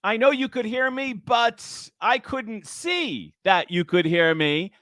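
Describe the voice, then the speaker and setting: High-voiced talk show host. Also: male voice, animated, takes it slowly, a bit bright, no room sound. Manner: chatty, rambling, with frequent restarts and asides. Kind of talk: casual political talk show.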